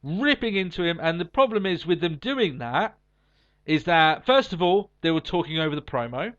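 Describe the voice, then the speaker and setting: A man's voice: fairly high pitch, animated, moderate pace, a bit bright. A man co-hosting a wrestling podcast, talking in a blunt, opinionated way and swearing freely. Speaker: podcast co-host. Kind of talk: casual wrestling chat. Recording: slightly dull lo-fi sound.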